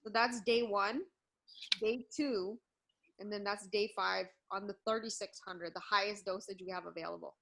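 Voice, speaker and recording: Bright-voiced upbeat woman presenter. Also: mid-range voice, steady tone, moderate pace, vocal fry, slight background noise, low-quality recording. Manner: upbeat, laughs between words. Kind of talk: product presentation.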